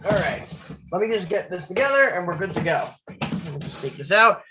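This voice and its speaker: A man's voice: high-pitched, very animated, fairly quick, highs cut off, noisy background. A man co-hosting a casual podcast, groaning and cursing in pain as he eats very hot sauce and hiccups. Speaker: podcast co-host. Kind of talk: casual chat.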